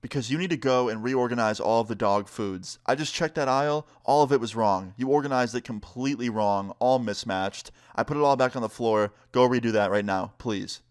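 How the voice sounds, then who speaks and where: A man's voice: medium pitch, a little fast, few pauses, smooth, natural voice. A man putting on the voice of his irritated, bossy male pet shop boss, scolding and exasperated.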